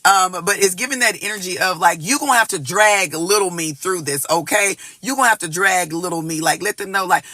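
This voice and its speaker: A man giving a casual collective tarot reading, talking in an animated way, cursing freely and repeating words as he goes. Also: high-pitched, fairly quick, few pauses. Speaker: tarot reader.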